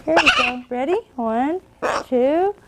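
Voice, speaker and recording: A woman talks to her pet bird, coaxing it along and praising it in a sing-song voice. Her pitch sits high, and she speaks slowly and gently. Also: lively intonation, heavy background noise. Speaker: bird owner.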